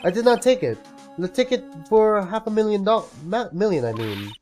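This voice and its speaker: A man's voice: sits high, big pitch swings, normal speed, darkish tone, faint music behind, pitched above the performer's own voice. Man putting on a flamboyant French-accented dandy. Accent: put-on French. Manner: theatrical, sing-song, sprinkles French words.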